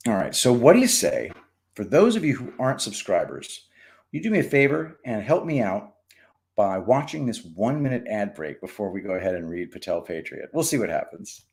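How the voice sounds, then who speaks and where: Chatty male livestream host, lively pitch. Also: brisk, creaky. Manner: chatty, greets viewers by name and jokes. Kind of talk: casual livestream chat.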